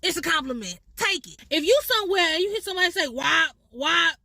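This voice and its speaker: A woman with a Chicago accent, casually explaining slang in a playful, profane, animated way. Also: extremely high pitch, very fast, dry recording.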